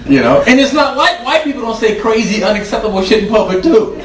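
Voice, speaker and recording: A man's voice: high-pitched, lively intonation, quick pace. A male comedian doing stand-up as a profane, incredulous rant. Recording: echoey, distant, loud background noise.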